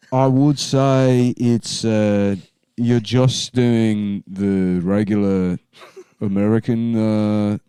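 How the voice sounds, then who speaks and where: A man's voice: on the low side, warm tone, smooth, no echo. A man co-hosting a casual comedy podcast, dry and joking. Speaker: podcast co-host.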